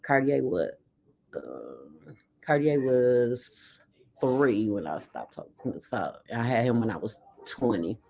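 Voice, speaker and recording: A woman in casual conversation, telling her own story bluntly, with heavy swearing and acted-out quotes. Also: extremely low pitch. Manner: blunt, heavily profane storytelling; animated, acts out quoted lines. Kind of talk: casual chat.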